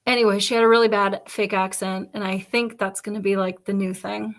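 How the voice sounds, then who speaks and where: A woman's voice: medium pitch, brisk, hardly any pauses. A woman, hosting a casual chat and talking bluntly with lots of swearing. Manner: blunt and profane, animated asides. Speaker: podcast host.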